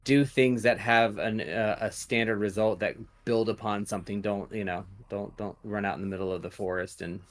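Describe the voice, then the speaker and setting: Male podcast host, low-ish voice, meandering and halting, casual chat. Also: fairly even intonation. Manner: rambling, hesitant, lots of ums. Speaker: podcast host reading tarot.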